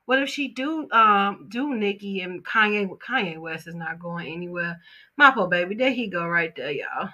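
A woman chatting casually about celebrity gossip, animated and opinionated, with slang and quick asides. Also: medium pitch, muffled recording.

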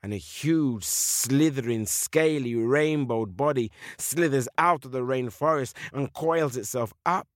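A man telling a children's folk tale with slow, dramatic repetitions. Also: mid-range voice, dry recording, studio quality. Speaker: storyteller. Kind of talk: children's story narration.

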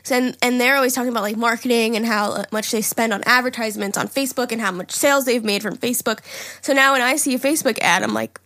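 A woman's voice: on the high side, quick pace, sharp tone, no echo, studio quality. A young woman co-hosting a podcast, chatting casually and giggling, with lots of "like" fillers. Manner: chatty, giggly, says like a lot. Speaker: podcast co-host. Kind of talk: casual chat. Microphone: podcast mic.

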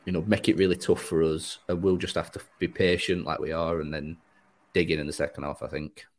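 A man's voice: deep voice, flat delivery, a little fast, rough recording. A man hosting a podcast, chatting casually about football with a rambling, easygoing manner and frequent laughs. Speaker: podcast host.

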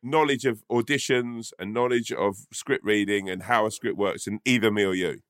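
A man co-hosting a podcast in a relaxed, chatty way. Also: on the low side, moderate pace, dry recording, studio quality. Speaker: podcast co-host. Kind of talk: casual chat.

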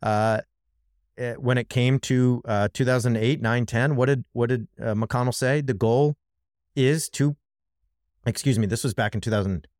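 A man's voice: medium pitch, steady tone, moderate pace, no echo, clean studio sound. A man co-hosting a podcast, talking through politics in an impassioned, emphatic way and speaking straight to his co-host. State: worked up. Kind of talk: casual political commentary.

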